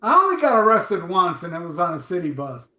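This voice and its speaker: A man's voice: sits high, sing-song, brisk, pushed and bright, reverberant. A man hosting a podcast, rambling and joking with crude, profane banter. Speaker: podcast host.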